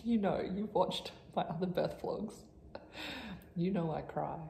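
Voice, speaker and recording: Young mum vlogger, chatty and rambling, husky low voice with heavy fry, echoey room. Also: female voice, measured pace, warm tone, slight background noise. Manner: chatty, rambling, often whispers. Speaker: vlogger, first-time mum. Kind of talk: casual chat to camera. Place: home, indoors. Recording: echoey room, faint ambience.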